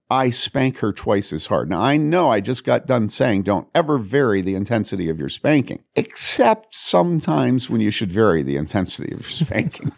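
A man's voice: medium pitch, gravelly, no echo, studio quality. An older man, a pastor, telling personal stories on a podcast in an earnest, emphatic way with frequent repetition. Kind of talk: storytelling on a podcast.

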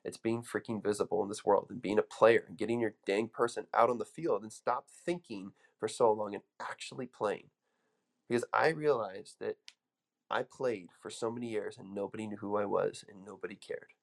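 A man speaks to a live audience in a motivational talk, his voice sitting somewhat low. He tells his stories emphatically and often restarts his sentences as he goes. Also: steady tone, normal speed, gravelly. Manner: emphatic, storytelling, frequent restarts. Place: room with an audience.

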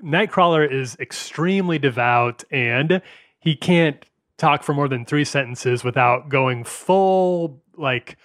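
A man's voice: a little high, slow pace, a bit bright, no echo, clean studio sound. A man co-hosting a podcast in casual chat, explaining at length with many restarts. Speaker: podcast co-host.

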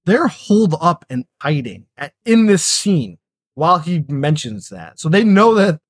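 A man's voice: fairly high pitch, very animated, a little slow, breathy edge, no room sound. A man co-hosting a casual movie review podcast, chatty and raising questions. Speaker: podcast co-host.

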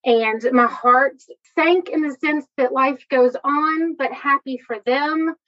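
A woman's voice: sits high, slow. Earnest woman sharing testimony. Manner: earnest, heartfelt, addresses listeners as y'all. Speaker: testimony speaker. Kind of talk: personal faith testimony. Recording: dull lo-fi recording.

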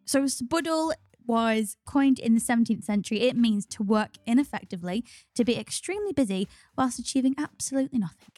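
A woman's voice: on the high side, lively intonation, a little fast, hardly any pauses, darkish tone, no room sound, studio quality. A woman co-hosting a podcast, chatting in an upbeat way and often laughing. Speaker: podcast co-host. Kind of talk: casual podcast chat.

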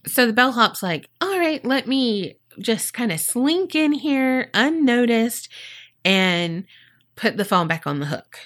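A woman with a fairly high, bright voice speaks slowly but with lots of animation. She's co-hosting a podcast, casually retelling a true-crime case, swearing freely and acting out quotes in funny, playful voices.

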